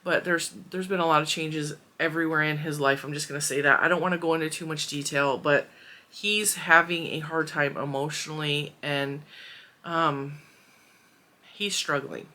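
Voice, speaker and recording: A woman's voice: low voice, fairly even intonation, normal speed, pushed and bright. A woman in her forties hosting a crochet channel, chatting casually and emotionally as she opens mail, with giggles and fillers. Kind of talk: casual chat unboxing mail.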